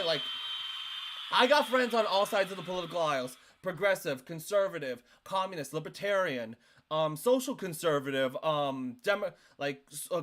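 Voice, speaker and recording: Man, high-pitched, swooping lively delivery, emphatic streamer commentary. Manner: animated, emphatic, lots of "like". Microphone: desk microphone.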